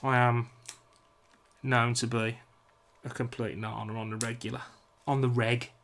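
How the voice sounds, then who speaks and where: A man's voice: mid-range voice, flat delivery, a little slow, heavy background noise. A young British man with a British accent chatting casually with his live-stream viewers while he works at a bench, joking about himself and apologising a lot. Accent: British English. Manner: chatty, self-mocking, apologetic banter with chat.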